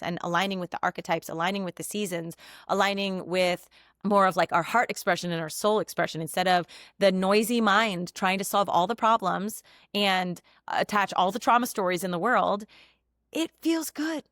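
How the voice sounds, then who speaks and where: A woman's voice: mid-range voice, a bit bright, no echo. Woman in her 30s doing a chatty heartfelt podcast monologue at home, desk mic, dry sound. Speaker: podcast host and coach. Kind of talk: casual personal monologue.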